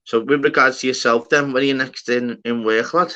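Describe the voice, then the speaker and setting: A man's voice: mid-range voice, fairly even intonation, a little fast, sharp tone. A man with a Liverpool accent hosting a casual online panel, swearing freely and calling everyone lad. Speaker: stream panel host. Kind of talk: casual banter. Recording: dull lo-fi sound with faint noise.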